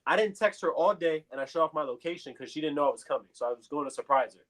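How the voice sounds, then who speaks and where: A young man with a slightly high voice telling a story with plenty of energy. He acts out other people's words as he goes, in relaxed podcast talk. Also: racing. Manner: animated storyteller, acts out quotes. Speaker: podcast co-host. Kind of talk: casual storytelling.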